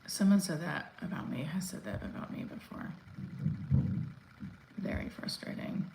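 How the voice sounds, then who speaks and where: Low-voiced woman chatting on a live stream. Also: unhurried, vocal fry, a little mellow, slight background noise, rough recording. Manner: rambling and candid, swears casually, many fillers. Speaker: actress hosting a live stream. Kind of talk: casual live-stream chat.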